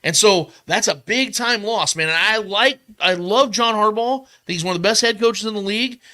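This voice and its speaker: A man hosting a podcast, debating football predictions in a casual, animated way, often repeating himself to drive a point home. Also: high voice, a little fast. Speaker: podcast host.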